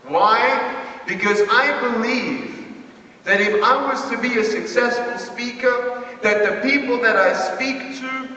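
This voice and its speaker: A man delivering a motivational talk in a big echoing hall, heard from a distance through a dull, muffled feed. His voice sits high and bright, and he speaks at an unhurried pace. He tells his story with animation. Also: slight background noise. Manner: animated, plays every part in his stories. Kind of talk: motivational talk with acted-out stories. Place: large event hall before a young audience. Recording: echoey hall, distant mic, dull sound.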